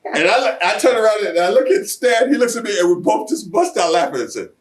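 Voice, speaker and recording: A man with a high-pitched, sing-song voice talks briskly as a guest in a sit-down shoot interview. He delivers blunt, streetwise tales, playing out what other people said.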